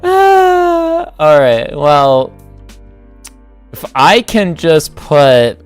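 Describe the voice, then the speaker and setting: A man's voice: a little high, lively intonation, drawn-out words, clear, resonant tone, faint music behind. A man hosting a livestream, thinking aloud as he builds, rambling and correcting himself in a casual chat. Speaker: livestream host.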